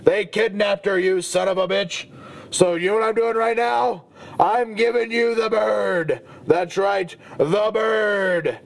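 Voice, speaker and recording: A man playing a gruff, hot-tempered middle-aged brawler who hosts a podcast, talking with crude, profane macho bluster. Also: high voice, unhurried. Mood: furious. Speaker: comedy podcast host in character. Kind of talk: comedic character monologue.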